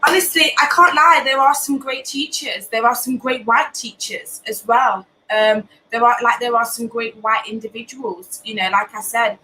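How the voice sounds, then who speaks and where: A young woman from Britain, hosting a live show from home and talking candidly with many pauses and restarts. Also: fairly high pitch, bright, forceful tone, slight background noise, poor audio. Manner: earnest, many ums and restarts. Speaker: host of a live talk show. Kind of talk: candid personal talk.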